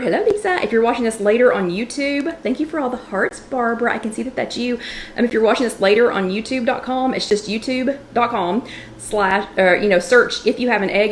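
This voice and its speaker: A woman's voice: fairly high pitch, a little hiss or hum. A woman hosting a casual livestream from a kitchen showroom, chatting and greeting viewers by name. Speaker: livestream host.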